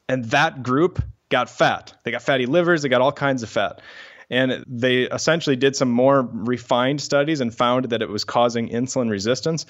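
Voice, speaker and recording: A man's voice: medium pitch, dull audio. A man who is a scientist, talking as a guest on a podcast and eagerly explaining research studies in detail. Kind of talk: casual podcast interview.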